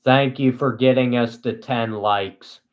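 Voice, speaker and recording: A young man hosting a casual live stream, talking to his chat in a flat, dry, self-mocking monotone. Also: medium pitch, unhurried.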